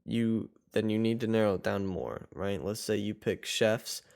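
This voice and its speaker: A man's voice: fairly low pitch, moderate pace, vocal fry, a little mellow. A man coaching viewers step by step in a loose, rambling way, often restarting his sentences. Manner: rambling, self-correcting, loose and chatty. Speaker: online course coach. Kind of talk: casual tutorial talk.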